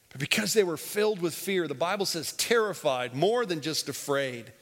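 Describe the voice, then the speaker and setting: A male pastor preaching a sermon, emphatic and repetitive, swinging between loud and hushed, leading the congregation in call-and-response. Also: on the high side. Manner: repeats phrases and leads the congregation in call-and-response. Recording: long hall reverb.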